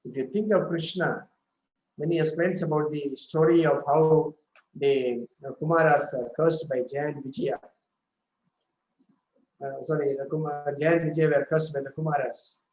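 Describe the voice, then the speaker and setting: A man giving a devotional scripture talk, retelling a story slowly with frequent self-corrections. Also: fairly high pitch, steady tone, a little mellow, roomy sound, poor audio. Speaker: scripture speaker.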